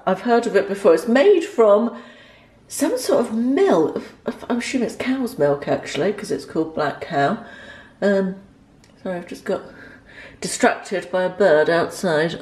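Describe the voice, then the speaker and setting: A woman's voice: mid-range voice, a little mellow. Lady in her 50s, casual home vlog, lots of ums and little asides. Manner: chatty, rambling, frequent ums and asides. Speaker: lifestyle vlogger. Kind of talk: casual chat to camera. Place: home, indoors.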